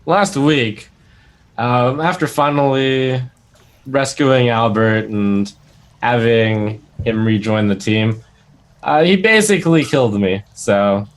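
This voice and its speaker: A man's voice: medium pitch, takes it slowly. A man at a tabletop game recaps events with dry jokes and mock outrage. His voice sits in a middle range for a man. He talks casually, with fillers. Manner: joking, mock-indignant. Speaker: player.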